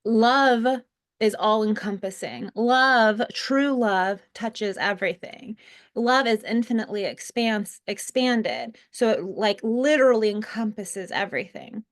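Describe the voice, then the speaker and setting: A woman's voice: a little high, unhurried. A woman co-hosting a spiritual lesson, talking earnestly in a casual way with fillers and restarts. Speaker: co-host teaching a spiritual lesson. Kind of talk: casual spoken teaching.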